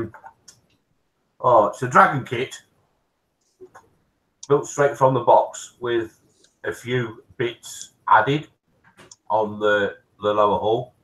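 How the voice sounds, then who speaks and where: A man on a casual live stream, explaining his model building in halting, rambling talk. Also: medium pitch, fairly bright tone, poor audio. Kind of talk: casual chat.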